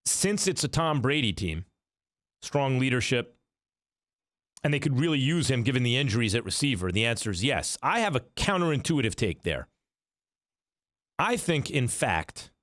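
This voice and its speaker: Middle-aged male sports radio host, opinionated, animated pitch, dry studio sound. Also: dry recording. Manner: argumentative, rhetorical questions, animated delivery.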